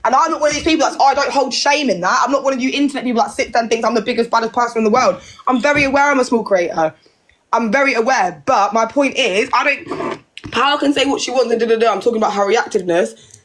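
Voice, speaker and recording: A young British woman in a heated livestream argument, pouring out rapid, emphatic words. Her voice sits fairly high and races along. She keeps pressing her point without pause. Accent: British English. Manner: passionate, fast, emphatic. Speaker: livestream guest.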